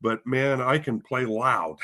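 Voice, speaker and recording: This interview guest, a music school's head of bands from Spokane, Washington, talks slowly in a medium-pitched, sharp-toned voice. His casual telling of his story meanders, leans self-deprecating, and is packed with fillers and restarts.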